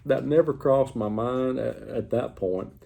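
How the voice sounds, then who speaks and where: A man's voice: mid-range voice, a little slow, vocal fry. A middle-aged man, casually telling a story to the camera in a drawling, folksy way. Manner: drawling, folksy, animated retelling.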